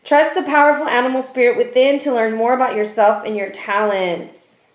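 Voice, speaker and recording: A woman's voice: on the high side, fairly even intonation, moderate pace. A woman giving a casual tarot reading, chatty and profane, often ending remarks with "okay?". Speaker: tarot reader. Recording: roomy echo.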